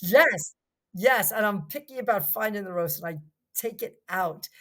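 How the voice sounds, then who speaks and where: A woman's voice: medium pitch, animated, moderate pace, fairly bright tone. An older woman from New Jersey, a podcast guest chatting casually, enthusiastic and rambling, full of restarts. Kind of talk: casual chat.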